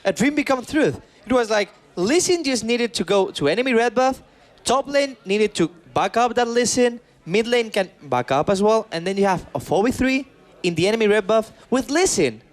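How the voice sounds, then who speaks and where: A man talking as an esports analyst at the desk, explaining excitedly and repeating himself. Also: sits high, moderate pace.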